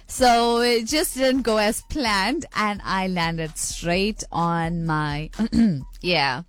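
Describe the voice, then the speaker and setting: A woman's voice: fairly high pitch, fairly bright tone. A woman presenting a radio show, chatty and bubbly, reading out listener messages and laughing easily. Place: radio studio.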